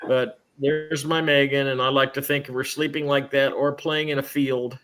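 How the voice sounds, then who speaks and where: A man's voice: medium pitch, little pitch movement, normal speed, a bit bright. A middle-aged man hosting a live stream show in rambling, chatty conversation, restarting his sentences often. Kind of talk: casual chat.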